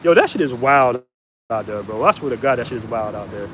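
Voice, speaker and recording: A man's voice: mid-range voice, fairly quick. Slangy American man vlogging on a noisy street. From United States. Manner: loose, slangy, animated when retelling quotes. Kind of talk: casual vlog storytelling. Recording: noisy outdoor street recording.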